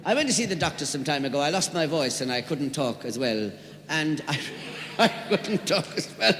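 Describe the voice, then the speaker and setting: Jovial comedian in an echoey hall. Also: male voice, a little high, sing-song, moderate pace, fairly bright tone. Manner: jovial storyteller, leans into punchlines. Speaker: stand-up comedian. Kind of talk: live stand-up comedy routine. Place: large hall with audience. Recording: live hall with echo and long reverb.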